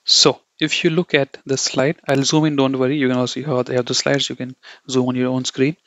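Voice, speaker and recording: A man's voice: mid-range voice, little pitch movement, fairly quick, fairly bright tone, dry recording. A man teaching German from slides in a casual, rambling way, repeating himself and checking in with "okay?" and "you know". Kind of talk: casual slide-based lesson. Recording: dry, dull lo-fi sound.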